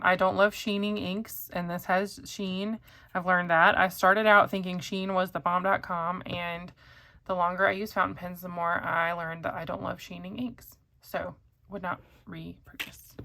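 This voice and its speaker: A woman's voice: fairly low pitch, pushed and bright. A woman chatting casually to camera as a pen reviewer, rambling with many ums and likes.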